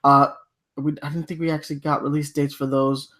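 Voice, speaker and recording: Chatty, animated man on a gaming podcast. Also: a little high, brisk. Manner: loose and animated, acts out quotes. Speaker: podcast co-host. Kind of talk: casual chat.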